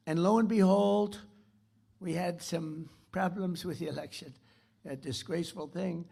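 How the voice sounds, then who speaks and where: A man's voice: high voice, measured pace, a little mellow. A man giving a rambling, repetitive, boastful keynote speech into a podium microphone on a theater stage. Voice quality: gravelly. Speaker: keynote speaker. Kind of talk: political speech.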